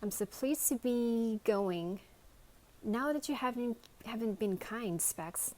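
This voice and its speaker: A woman voicing a chatty, cheerful toy who is leaving, in a slow, raised voice. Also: fairly high pitch, mellow, pitched above the performer's own voice.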